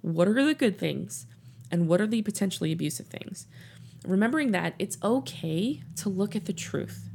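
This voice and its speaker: A middle-aged woman hosting a podcast as a life coach, speaking in an earnest, personal and gently instructive way. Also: medium pitch. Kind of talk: reflective podcast monologue. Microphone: studio mic in her office.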